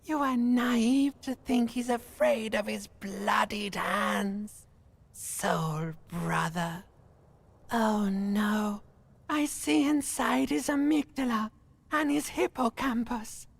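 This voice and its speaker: Give me a hissing, sorrowful limbic system, pitched a little high and drawn out slowly. The voice is husky and creaky, and every line insinuates something eerie. It's a strange inner voice from a video game. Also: female voice, steady tone, no room sound, full character voice. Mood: insinuating. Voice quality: raspy, hoarse whisper.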